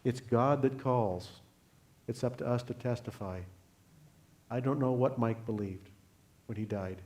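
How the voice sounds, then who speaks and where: An older man, a guest speaker at a church, telling a personal faith story in an earnest, unhurried way and closing in prayer. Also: medium pitch, darkish tone. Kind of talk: sermon testimony.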